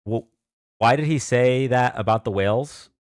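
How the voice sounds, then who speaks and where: A man's voice: mid-range voice, moderate pace, dry recording. Chatty male livestream host, dry close sound. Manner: chatty, thanks donors, reads chat aloud. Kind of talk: casual livestream chat.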